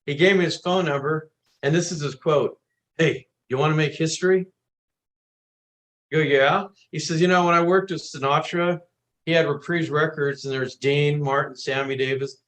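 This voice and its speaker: A man's voice: fairly high pitch, moderate pace. A man from the United States, a guest musician, telling stories in a casual interview and acting out the voices of the people he quotes. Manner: animated storyteller, acts out quoted voices.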